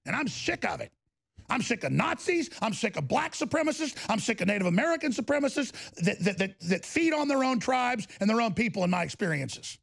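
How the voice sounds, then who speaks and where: A man's voice: very high-pitched, very animated, a little fast, vocal fry, a bit bright. A man hosting a show, ranting in angry, sarcastic political commentary. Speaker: show host.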